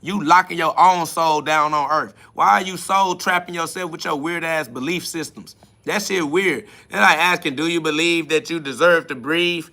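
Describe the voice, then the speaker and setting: A podcast host with a bright, fairly high voice fires back at listener comments in a combative spiritual rant. He is mocking and profane, sharp and forceful throughout, at a moderate pace.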